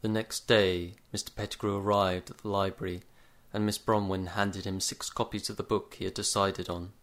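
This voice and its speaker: A man narrating a comic short story in a dry, measured deadpan. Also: low-pitched. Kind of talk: story reading.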